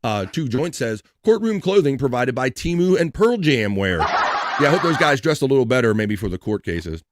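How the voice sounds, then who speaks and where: A man with a lowish voice hosts a casual livestream chat show, recorded dry with clean studio sound. In an upbeat, old-school radio style, he thanks viewers, gives shout-outs, and reads their messages.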